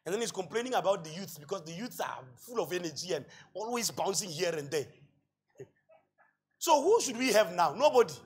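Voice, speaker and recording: A male pastor with a Botswana accent preaching a sermon, asking rhetorical questions and building to loud shouts. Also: fairly high pitch. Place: church hall.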